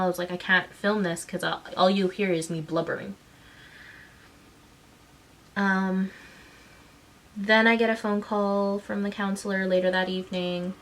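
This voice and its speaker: A woman's voice: mid-range voice, fairly bright tone. A mother speaks straight to her camera in a mid-range voice, raw and close to tears. Her frustration shows as she stumbles, restarts and presses her points with indignation. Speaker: mother and vlogger. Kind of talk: emotional personal vlog recounting.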